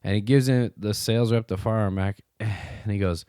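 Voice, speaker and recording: A man's voice: fairly low pitch, steady tone, normal speed, few pauses, mellow, clean tone, no room sound, clean studio sound. A man co-hosting a podcast, telling a rambling anecdote in casual chat, full of fillers and quoted dialogue. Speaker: podcast co-host.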